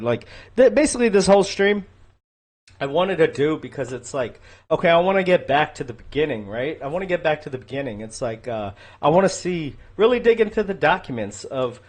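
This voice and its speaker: A man in his thirties hosting a livestream, rambling casually about markets and chatting with viewers. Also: fairly high pitch. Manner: rambling, thinks aloud, chats with viewers. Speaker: livestream host. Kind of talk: casual livestream commentary on stocks.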